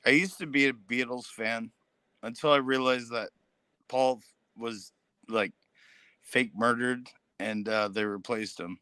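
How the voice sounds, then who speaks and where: A man's voice: mid-range voice, steady tone, unhurried, bright, forceful tone, smooth, no echo. A man joining a casual livestream chat, talking loosely and swearing while wondering aloud. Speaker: livestream guest.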